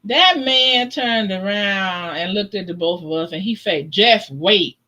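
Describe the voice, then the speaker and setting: A woman chatting as a guest on a live stream, telling stories in a lively way and laughing often. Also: medium pitch, measured pace, low-quality recording. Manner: animated, laughs often, acts out voices in her stories. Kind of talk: casual storytelling.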